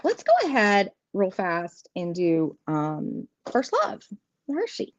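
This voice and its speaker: A woman's voice: on the low side, wildly swooping pitch, takes it slowly, no room sound. A woman, hosting a casual live tarot stream, chatty and giggly, rambling and greeting viewers by name. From southeastern United States. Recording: dull lo-fi stream audio, dry.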